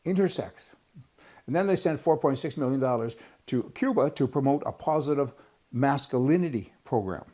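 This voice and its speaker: A man's voice: medium pitch, lively intonation, brisk, warm tone. A man from Canada giving a blunt, rambling opinion monologue, restarting his sentences and breaking into sudden exclamations. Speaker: political commentator.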